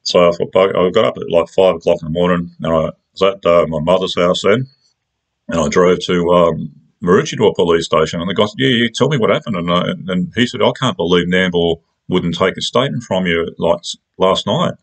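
Low-voiced Australian man telling a story. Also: fairly quick. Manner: rambling, colloquial, with many restarts. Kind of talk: casual personal storytelling.

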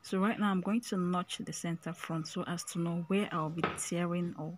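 A woman's voice: lowish voice, steady tone, normal speed. A woman giving a casual step-by-step sewing tutorial, chatty and often checking in with "okay?", her voice breaking into a whisper at times.

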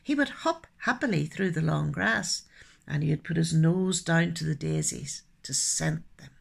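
Woman telling children's stories, gravelly. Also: low voice, a little slow. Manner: expressive, with soft hushed asides. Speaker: storyteller and poet. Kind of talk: children's storytelling.

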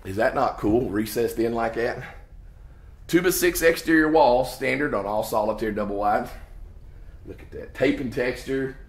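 Excited salesman in an echoey house. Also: mid-range voice, normal speed. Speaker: home salesman. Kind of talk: enthusiastic home walkthrough tour. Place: inside an empty house, room to room. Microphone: handheld 360 camera. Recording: echoey empty rooms, faint noise.

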